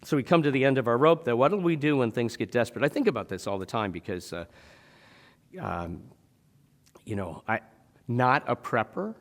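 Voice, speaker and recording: A man's voice: mid-range voice, expressive, normal speed, pauses often, in a large hall. A man preaching a sermon in a church, talking conversationally and asking the congregation rhetorical questions. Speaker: pastor. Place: church sanctuary.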